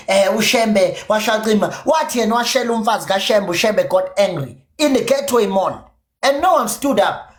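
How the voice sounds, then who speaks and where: A South African man with a Zulu-inflected accent, a native isiZulu speaker, ranting confrontationally and profanely on his podcast stream. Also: high-pitched. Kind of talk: angry livestream rant. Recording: echoey room.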